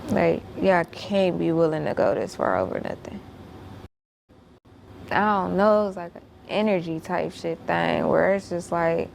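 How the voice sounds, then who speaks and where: Here a woman recounts a tense story as a guest, blunt and profane in every line. Her voice sits low with a gravelly, fried edge. She presses her points hard and doubles back on her words when she gets heated. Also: unhurried, a little mellow, a little hiss or hum. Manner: repeats and restarts when worked up.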